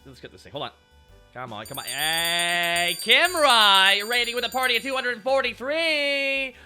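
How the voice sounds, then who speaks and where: A man hosting a live stream in casual chat, excitable and rambling as he thanks donors aloud. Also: very high voice, a little slow. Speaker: streamer host. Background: faint background music.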